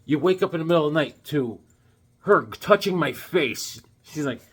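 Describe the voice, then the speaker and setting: A middle-aged man rambles casually about comic books, cracking jokes as he goes. His voice is husky and sits a little high, and his pitch swings widely in an animated way. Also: normal speed. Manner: jokey, animated, wisecracking. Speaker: comic book vlogger. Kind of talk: casual rambling chat to camera.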